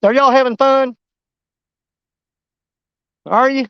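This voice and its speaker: A man, chatting casually and excitably in a fishing vlog, folksy and joking. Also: extremely high pitch, takes it slowly, clean tone, dry recording, muffled recording. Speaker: fishing vlogger. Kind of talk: casual outdoor vlog chat.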